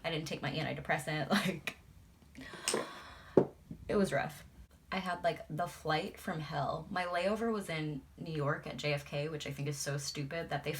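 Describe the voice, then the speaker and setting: Low-voiced chatty woman vlogger. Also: fairly bright tone. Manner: chatty, swears freely, laughs often. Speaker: beauty vlogger. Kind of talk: casual chat while doing makeup.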